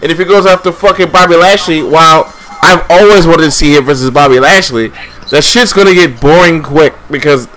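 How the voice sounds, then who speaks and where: A man's voice: fairly high pitch, a little fast, a bit bright. A man ranting angrily on a casual podcast, swearing often as he complains. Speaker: podcast co-host.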